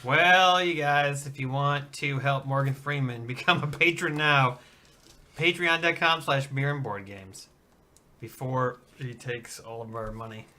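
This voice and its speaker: A man's voice: medium pitch, unhurried, bright, forceful tone. A man hosting a comedy podcast, steering the show in an easygoing way. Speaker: podcast host. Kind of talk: casual chat.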